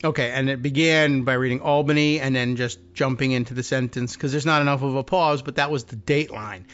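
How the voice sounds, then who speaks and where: Male talk host, rambling and wry, medium pitch, slightly dull lo-fi sound. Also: fairly even intonation, brisk, fairly bright tone. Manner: rambling, self-interrupting, wry. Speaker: podcast host. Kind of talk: casual political talk show commentary.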